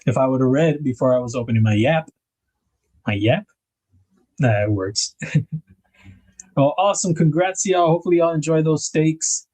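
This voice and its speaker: A man's voice: on the high side, lively intonation, normal speed, long pauses, a little mellow, breathy edge. A man hosting a casual livestream, chatting to viewers, reading their comments aloud and laughing often. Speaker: livestream host.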